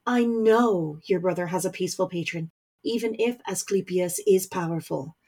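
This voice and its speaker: A woman's voice: fairly low pitch, moderate pace, breathy edge. Woman voicing a steely warlock general mother. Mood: weary earnest. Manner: forceful, scornful, rising to anger. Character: stern powerful middle-aged warlock general mother.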